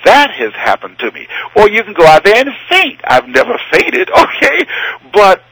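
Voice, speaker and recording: A husky-voiced man whose bright, forceful delivery swings widely up and down in pitch. He is a motivational speaker telling a story in conversation, acting out scenes and voices and laughing often. The sound is dry and close. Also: wildly swooping pitch, moderate pace, no echo, poor audio.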